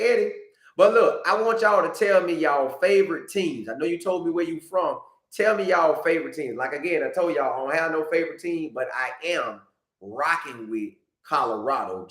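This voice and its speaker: A man hosting a casual live stream, talking straight to his viewers in an animated, repetitive way. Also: on the high side, echoey room. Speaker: podcast host reading live chat.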